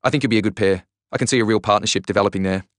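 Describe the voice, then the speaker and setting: A man's voice: lowish voice, rapid-fire, no echo, clean studio sound, natural voice. A man voicing an eager, hopeful middle-aged father in an audiobook. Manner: eager, upbeat, pressing on.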